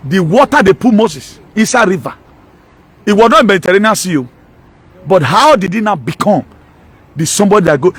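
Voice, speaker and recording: High-voiced Nigerian pastor preaching hard. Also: male voice, slightly rough. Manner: emphatic, mixes Pidgin and local words, rhetorical questions. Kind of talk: impassioned sermon.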